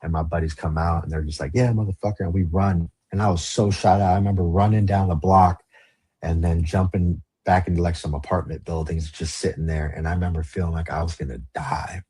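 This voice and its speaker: Man, low voice, husky, dry recording, casual profane storytelling guest. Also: level tone, brisk, a little mellow, no echo. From Los Angeles area. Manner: casual, slang-heavy and profane. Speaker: podcast guest. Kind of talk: storytelling interview.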